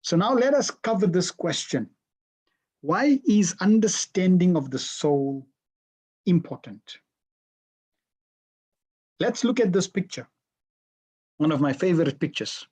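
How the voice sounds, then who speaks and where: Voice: medium pitch, expressive, unhurried, long pauses, darkish tone, slightly rough. A teacher running an interactive online class over a video call, asking the students questions and repeating their answers back.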